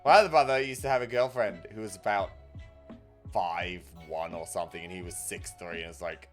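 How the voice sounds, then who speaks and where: A man's voice: low voice, brisk, faint music behind. A man with an Australian accent hosting a live stream, chatting casually and reading out viewer comments. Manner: chatty, reads out viewer comments, lively swings in loudness. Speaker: stream host.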